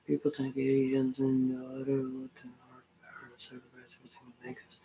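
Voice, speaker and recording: A man's voice: medium pitch, monotone, moderate pace, vocal fry, mellow, a little hiss or hum. A man rambling and swearing while chatting with viewers on a livestream. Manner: rambling, profane, ranting at chat. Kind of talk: casual livestream chat.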